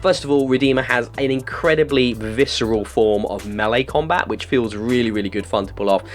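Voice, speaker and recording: A man's voice: medium pitch, fairly quick, faint music behind. A man hosting a casual video game review podcast, talking with gushing enthusiasm and plenty of filler words. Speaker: podcast host.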